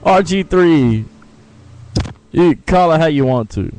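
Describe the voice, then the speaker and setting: A man's voice: on the high side, animated, slow, darkish tone, soft background music, rough recording. A man co-hosting a casual talk radio show, speaking in an opinionated way, swearing casually and laughing often.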